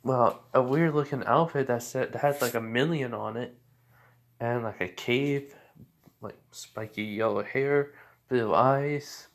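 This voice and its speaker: A man's voice: mid-range voice, a little slow, close to an everyday voice. A man doing a hesitant young guild member. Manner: hesitant, rambling.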